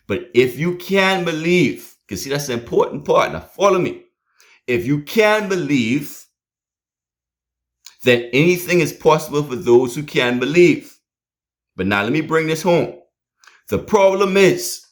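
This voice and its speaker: A man preaching a sermon, emphatic and storytelling, with repeated rallying phrases. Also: fairly high pitch.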